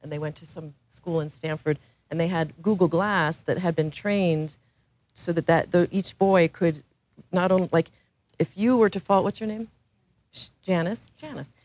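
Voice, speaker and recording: A woman's voice: on the low side, moderate pace, darkish tone, poor audio. A woman speaking on a panel in a frank, joking way. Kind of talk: casual talk on a panel.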